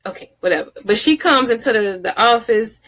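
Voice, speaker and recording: A woman casually recapping and reviewing a TV drama episode, chatty and candid, with quick asides. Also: fairly high pitch, expressive, a bit bright.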